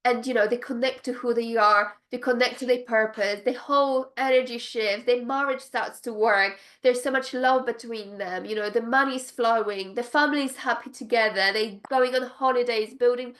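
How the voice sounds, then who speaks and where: A woman's voice: fairly high pitch, normal speed, hardly any pauses. Gushing, emphatic woman business coach. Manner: bursts of excited laughter. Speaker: business coach for spiritual entrepreneurs. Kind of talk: direct-to-camera pitch.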